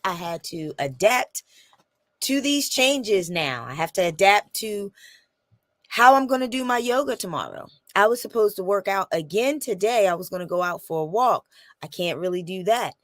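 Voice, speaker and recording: A woman vlogger chatting to camera, telling a story with animated repetition and acted-out quotes. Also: medium pitch, dry recording, studio quality. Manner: animated storytelling, acts out quotes and repeats phrases. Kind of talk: casual chat to camera.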